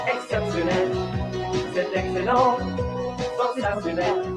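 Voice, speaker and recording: A woman's voice: mid-range voice, unhurried, lightly acted. A woman voicing a cheerful pineapple puppet who sings to children to teach them French, in a bouncy singsong way. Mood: cheery. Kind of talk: children's TV song. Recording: roomy old TV clip with loud music. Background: loud music.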